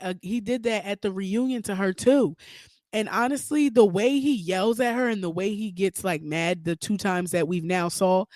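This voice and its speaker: A woman hosting a podcast, giving outspoken, animated, profane commentary. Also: medium pitch, no echo, studio quality. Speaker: podcast host. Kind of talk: casual commentary.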